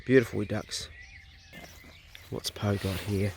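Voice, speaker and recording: A man's voice: fairly low pitch, fairly even intonation, unhurried, a little mellow, slight background noise. Chatty New man on a farm. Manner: chatty, offhand, talks to his dogs. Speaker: farm vlogger. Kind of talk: casual narration while walking. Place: outdoors on a farm by a pond. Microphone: handheld phone.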